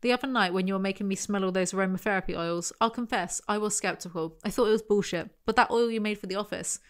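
Gruff, grumbling boyfriend in his thirties, read by a woman in her own voice. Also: medium pitch, fast, lightly acted. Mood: sheepish. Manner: gruff, flat.

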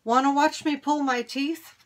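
A woman voicing an eager, anxious young schoolboy in a storybook reading, speaking in a raised, excited voice. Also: high-pitched, measured pace, pitched above the performer's own voice. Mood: bluffing.

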